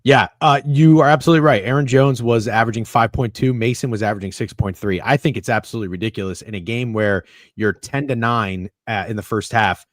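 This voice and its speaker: A man's voice: mid-range voice, fast talker, no room sound, clean studio sound. A man hosting a sports podcast, steering the panel and citing stats in a casual, frank tone. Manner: leads the discussion, cites stats. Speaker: podcast host.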